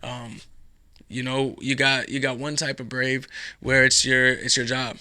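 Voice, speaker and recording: A man's voice: mid-range voice, flat delivery, a little slow, sharp tone, smooth. A man hosting his own show, talking alone in a casual, rambling way, sarcastic and dropping into a whisper for effect. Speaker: podcast host. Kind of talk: casual solo commentary.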